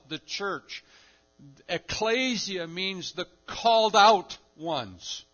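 A man preaching a sermon, moving between quiet asides and loud, stressed phrases. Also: fairly high pitch, lo-fi sound. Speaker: pastor.

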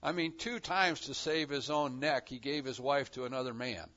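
A man preaching a sermon, acting out the voices of God and his listeners with lively emphasis. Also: mid-range voice, moderate pace, highs cut off.

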